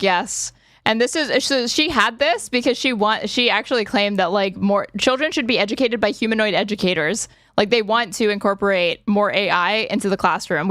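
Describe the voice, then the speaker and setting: A woman's voice: medium pitch, fairly bright tone, no room sound. Woman streamer riffing sarcastic over clips, swears a lot, dry mic, mid voice. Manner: casual, sarcastic, swears, lots of fillers. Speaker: streamer host. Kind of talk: casual reaction stream commentary.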